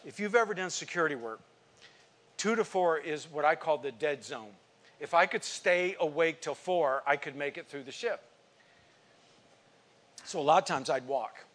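A man preaching a sermon to his congregation, telling a personal story and swinging from quiet asides to emphatic outbursts. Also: on the high side, expressive, normal speed, pauses often. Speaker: pastor.

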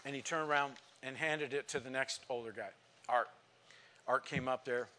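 A man's voice: medium pitch, fairly even intonation, normal speed, background noise. An older man, a pastor, telling an emotional story in a sermon, acting out the lines of the people in it. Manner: earnest, emotional storytelling with quoted dialogue.

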